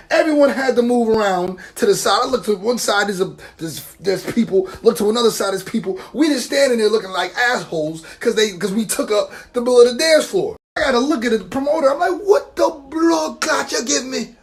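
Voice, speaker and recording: Young guy telling a funny story, kinda high voice, swears a lot, jumps into everyone's voices. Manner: animated, profane, acts out quoted voices. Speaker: vlogger. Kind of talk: comedic storytelling to camera.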